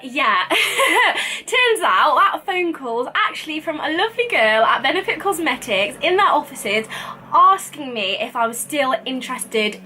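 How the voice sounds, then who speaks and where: A woman in her twenties vlogging, telling a story in casual chat, animated and giggly, acting out quoted lines in a higher voice. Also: measured pace, a little hiss or hum. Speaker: beauty vlogger.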